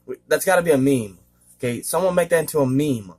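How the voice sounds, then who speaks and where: A man talks in a husky voice, his pitch rising and falling a great deal. He rambles in a casual vlog, hesitating over fillers and often clearing his throat. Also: expressive, fast talker, a little mellow. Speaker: vlogger. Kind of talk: casual monologue.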